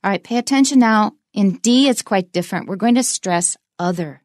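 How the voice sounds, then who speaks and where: Woman, English teacher, slow emphatic examples, dry sound. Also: mid-range voice, darkish tone, dry recording. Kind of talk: bilingual English lesson.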